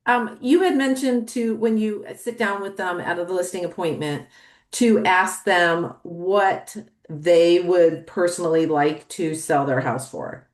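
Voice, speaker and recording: A woman's voice: on the low side, measured pace. A woman attending a webinar, asking a question hesitantly with many fillers. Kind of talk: casual question. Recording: echoey room.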